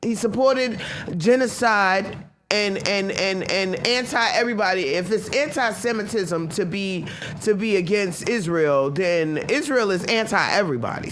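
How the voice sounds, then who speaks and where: Woman host on a live show, ranting blunt and annoyed, faint noise behind. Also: medium pitch. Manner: animated, talks back to chat, many restarts. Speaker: podcast host. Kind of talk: casual live-stream commentary.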